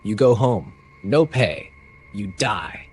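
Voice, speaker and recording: A man's voice: fairly low pitch, expressive, slow pace, a little mellow, husky, faint music behind, heavily acted. A man doing a menacing pirate leader. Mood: threatening. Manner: broken English, blunt threats.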